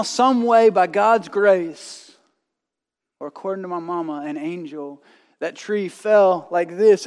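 A man in his thirties, from North Carolina, preaches a sermon with a fairly high voice. He moves between scripture and a personal story, sinking to a near hush for the dramatic beats. The sound carries a long church reverb. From North Carolina, USA. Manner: storytelling with dramatic drops to a hushed voice.

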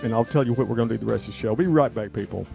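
Gravelly-voiced man ranting on the radio. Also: medium pitch, racing, dark tone, faint music behind. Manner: rambling, emphatic ranting. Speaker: talk radio host. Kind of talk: off-the-cuff radio monologue.

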